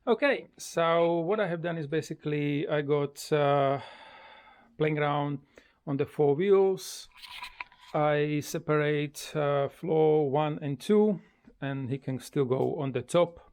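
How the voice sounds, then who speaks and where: Casual home vlogger, unhurried with a rough fry, stumbling through non-native English, cooing to the pet. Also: a little mellow. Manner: hesitant with many fillers and restarts, non-native English grammar; coos in a high sing-song voice when talking to the bird. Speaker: parrot owner showing a homemade bird playground. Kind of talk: casual home video chat. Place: at home beside the parrot.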